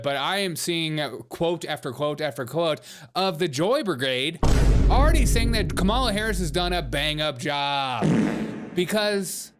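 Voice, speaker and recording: A man's voice: fairly high pitch, a bit bright. Jokey Southern-accented male podcast host. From South Carolina. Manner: fast, jokey, irreverent, sarcastic asides. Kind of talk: comedic news commentary.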